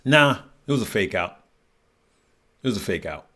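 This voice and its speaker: A man's voice: fairly low pitch, animated, normal speed, bright, forceful tone. A man hosting a live stock and crypto trading stream, chatting casually, laughing often and greeting viewers by name. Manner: thinks aloud, trails off while checking charts.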